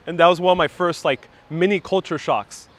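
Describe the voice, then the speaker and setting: A man from New York City in his thirties, livestreaming a walking tour outdoors on a wireless lapel mic and telling childhood stories in a casual, animated way. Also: a little high. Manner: animated storyteller, reads viewer comments aloud. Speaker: vlogger giving a live walking tour. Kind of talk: casual live-stream storytelling.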